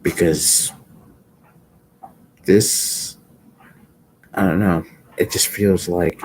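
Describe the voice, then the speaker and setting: A sleepy man speaking live commentary in a slow, halting way, often repeating himself. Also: low voice, fairly even intonation, breathy edge, rough recording. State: sleepy, yawning. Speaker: livestream commentator.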